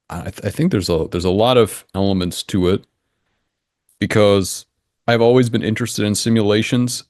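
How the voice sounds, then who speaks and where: A young man with a lowish voice gives relaxed interview answers, steady and matter-of-fact. He thinks aloud, building his points step by step. The sound is dry and close, with almost no room on it. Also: no echo. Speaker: interview guest, engine simulation creator.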